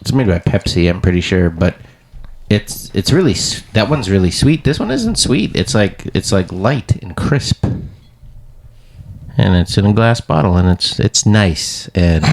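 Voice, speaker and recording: A man's voice: deep voice, measured pace, gravelly. A man, co-hosting a casual podcast chat and telling stories with acted-out quotes and laughter. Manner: animated storyteller, acts out quotes with laughs. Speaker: podcast co-host.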